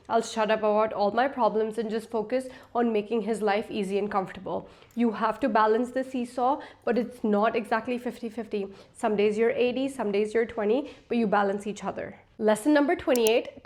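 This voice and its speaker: Woman in her late twenties, vlogger, casual advice talk, frank big-sister manner, fairly high voice. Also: a little mellow. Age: 20s. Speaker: lifestyle vlogger.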